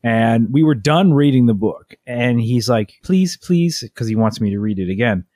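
Man, thirties, deadpan podcast co-host, relaxed chat, dry close recording. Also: medium pitch, normal speed, no echo. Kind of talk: casual chat.

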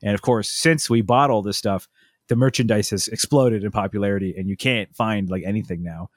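A man's voice: fairly low pitch, fairly quick, dry recording, clean studio sound. A man, chatting casually as a podcast co-host and telling long stories with many restarts and asides. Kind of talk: casual chat.

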